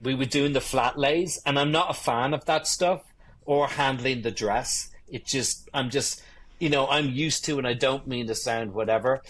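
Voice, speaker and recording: Guest spot: husky-voiced man in his 50s, mid-pitched, swearing freely as he tells lively anecdotes. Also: moderate pace. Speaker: guest wedding photographer. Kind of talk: casual interview storytelling.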